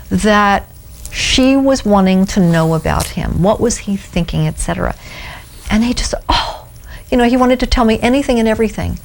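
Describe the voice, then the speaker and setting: Mid-pitched woman, animal communicator, animated anecdotes. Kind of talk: documentary interview storytelling.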